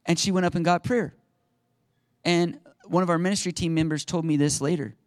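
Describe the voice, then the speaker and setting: A male pastor preaching a sermon and telling stories in an animated, conversational way. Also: fairly high pitch, a little fast, dry recording, studio quality. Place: church sanctuary.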